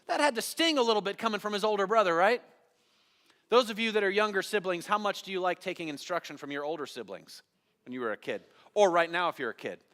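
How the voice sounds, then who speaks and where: A man's voice: sits high, quick pace, a bit bright. A man preaching a sermon as pastor, telling a Bible story dramatically and putting questions to the congregation. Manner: dramatic storytelling, acting out biblical voices, asking the congregation questions. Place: church sanctuary. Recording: long hall reverb of a church.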